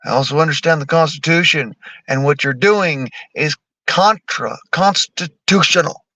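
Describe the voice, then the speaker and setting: A man in his thirties delivers a heated political rant full of profanity and sarcasm. His voice sits high for a man and has a bright, forceful edge. The recording is dry and close, with no room sound. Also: normal speed, dry recording. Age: 30s. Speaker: streamer.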